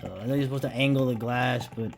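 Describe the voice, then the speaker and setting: A man from the United States chatting casually to camera about beer, rambling and restarting sentences, sometimes dropping to a hushed near-whisper. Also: medium pitch, steady tone, fast talker, creaky, a little hiss or hum. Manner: rambling, self-interrupting, drops to a hushed near-whisper when admiring the beer. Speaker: beer vlogger.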